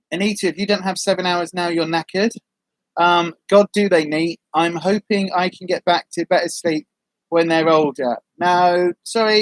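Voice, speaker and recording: A woman's voice: fairly low pitch, no echo. A woman chatting casually on a livestream, reading out viewer comments in a rambling, friendly way with lots of ums. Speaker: vlogger, livestream host.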